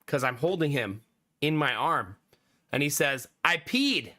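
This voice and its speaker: A man streaming live, telling a story casually to his chat in an animated, exasperated way and laughing often. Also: medium pitch, measured pace. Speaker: live streamer chatting with viewers.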